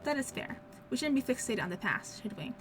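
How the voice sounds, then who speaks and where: A woman's voice: high-pitched, very animated, brisk. A woman voicing a male fox private investigator in a game, polite and sure of himself, over game music. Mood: suave.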